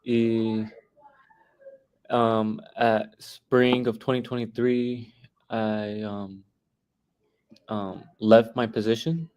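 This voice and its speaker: A young man in his twenties talking casually as a guest teacher, halting with many restarts and fillers. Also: fairly low pitch, little pitch movement, a little mellow, clear, resonant tone, low-quality recording. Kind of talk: casual interview talk.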